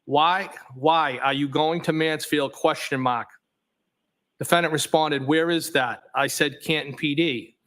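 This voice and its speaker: A trial witness, a man with a somewhat high-pitched voice, works through text messages aloud line by line. He reads a little slowly, keeping his tone flat and methodical throughout.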